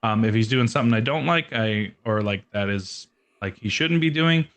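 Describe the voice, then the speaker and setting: A young man with a lowish voice talks in a loose, rambling way, full of fillers. He keeps it casual and easygoing, laughing often as he chats. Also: normal speed, a bit bright. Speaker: guest, metal band musician and dog owner. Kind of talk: casual podcast chat.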